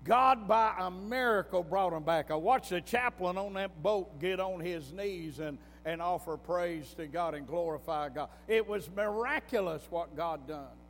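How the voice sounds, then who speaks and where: High-voiced preacher in an echoing hall. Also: male voice, a little slow, few pauses, fairly bright tone, slight background noise. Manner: folksy storytelling with rising, emphatic bursts. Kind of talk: sermon. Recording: long hall reverb with faint music.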